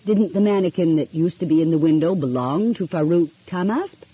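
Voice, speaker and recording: A woman's voice: fairly low pitch, a little fast, mellow, breathy edge, dry recording, dull audio. A woman voicing an eager, polite young amateur detective who asks pointed questions. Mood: inquisitive. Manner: polite, inquisitive.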